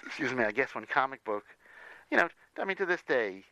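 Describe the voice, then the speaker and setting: A man's voice: medium pitch, sing-song, fairly quick, bright, forceful tone, no echo, lo-fi sound. A man in a casual conversation, talking through comics history in a rambling way with many restarts.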